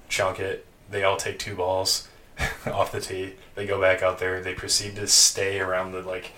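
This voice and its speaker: A man co-hosting a podcast, telling a long story in casual chat, animated and laughing, with casual swearing. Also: deep voice. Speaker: podcast co-host. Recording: distant mic with faint noise.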